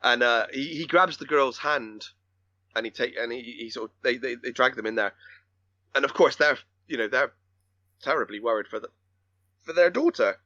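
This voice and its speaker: A man's voice: mid-range voice, moderate pace, long pauses, sharp tone, no echo, muffled recording. Rambling man retelling a film. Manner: rambling retelling with many restarts and acted-out quotes. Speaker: podcast co-host. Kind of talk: casual film discussion.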